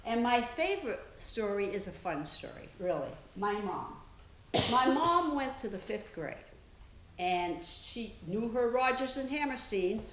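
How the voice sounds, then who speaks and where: An older woman spins chatty anecdotes for a small audience, laughing often. Her voice sits a bit high and moves slowly. The room is echoey, with a faint hiss behind her. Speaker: author giving a talk. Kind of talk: storytelling talk to an audience.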